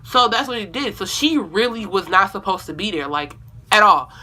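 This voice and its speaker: A woman's voice: mid-range voice, normal speed, pushed and bright. A young woman telling a storytime video at home in a casual, rambling way, correcting herself and swearing freely. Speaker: vlogger.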